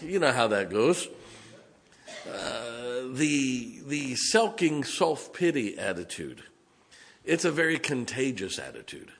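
A man's voice: medium pitch, very animated, takes it slowly, creaky, breathy edge. A middle-aged man preaching a sermon as pastor, folksy and joking, sometimes mocking whiny voices.

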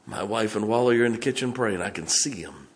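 A middle-aged man preaching a storytelling sermon in a church, folksy, swinging from loud to hushed. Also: on the low side, expressive, a little fast. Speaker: pastor. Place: church sanctuary.

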